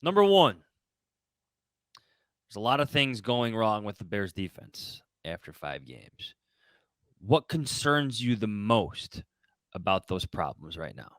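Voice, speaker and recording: A man's voice: fairly low pitch, very animated, takes it slowly, long pauses, a bit bright, no room sound. A man co-hosting a sports podcast, asking questions and chatting casually. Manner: conversational, poses questions. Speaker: podcast co-host.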